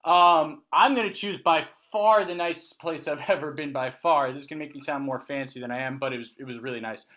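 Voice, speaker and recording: A man's voice: on the high side, a little fast, hardly any pauses, pushed and bright. A man co-hosting a casual podcast, trading teasing jokes with his partner. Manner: joking, teasing banter. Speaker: podcast co-host. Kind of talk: casual chat.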